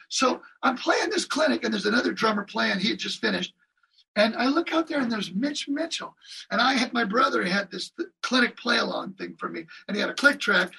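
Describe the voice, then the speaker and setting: Excitable high husky man telling stories. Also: brisk, recorded from a distance, rough recording. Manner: lively anecdotes with voiced impressions and drum sounds. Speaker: guest drummer. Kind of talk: animated storytelling in an interview.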